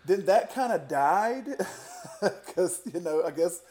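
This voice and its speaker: A man's voice: high-pitched, expressive, takes it slowly, dark tone, slight background noise. A man being interviewed as a guest, talking casually about his worship singing.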